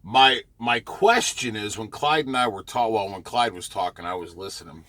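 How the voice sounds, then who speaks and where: Rambling trucker, a man with a lowish voice, loose vlog chat full of fillers, recorded in his parked truck. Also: animated, normal speed, pushed and bright, no room sound. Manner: rambling, many fillers and restarts. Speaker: truck driver. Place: parked truck near a truck stop.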